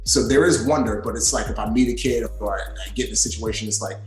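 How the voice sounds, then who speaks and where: A man with a very low voice tells his story as a podcast guest, restarting often and acting out what others said. He grew up in New York after coming from western Africa. The room sounds echoey, and faint music sits underneath. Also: fast talker. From western Africa, raised in New York City. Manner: animated, with many restarts and acted-out quotes. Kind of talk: storytelling in a casual interview.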